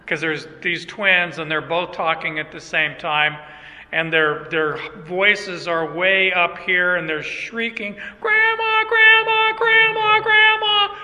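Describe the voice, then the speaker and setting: High, bright-voiced older male pastor preaching. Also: fairly even intonation, slow pace. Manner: conversational, joking preaching with asides to the congregation. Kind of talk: sermon. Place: church. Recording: long church reverb.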